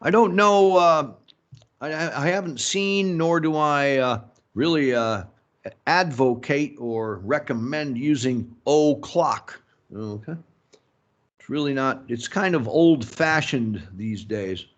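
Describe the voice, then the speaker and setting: Slow, halting male business English teacher. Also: a little high, lo-fi sound. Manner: slow, halting, many fillers and self-talk like "mm-hmm" and "okay"; opinionated asides on the rules. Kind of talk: recorded lecture.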